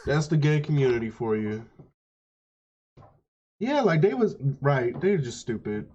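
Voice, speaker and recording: A man's voice: medium pitch, big pitch swings, a little slow, mellow, lo-fi sound, slight background noise. A man hosting a gaming channel, giving chatty, opinionated, emphatic let's play commentary.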